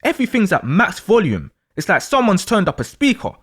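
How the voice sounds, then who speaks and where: Animated man telling a story. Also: sits high, brisk, husky. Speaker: astrology storyteller. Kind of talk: second-person storytelling narration.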